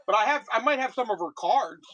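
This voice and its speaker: Chatty high-voiced man, dry sound. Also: animated, bright, forceful tone, no room sound, highs cut off. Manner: rambling, chatty, quick restarts. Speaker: card seller on live stream. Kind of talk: casual live-stream chat.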